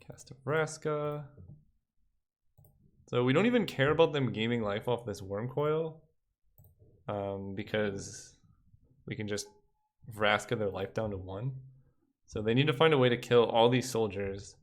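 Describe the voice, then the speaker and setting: A man's voice: fairly low pitch, unhurried, pauses often. A young man giving casual commentary while playing a digital card game, thinking aloud and counting under his breath.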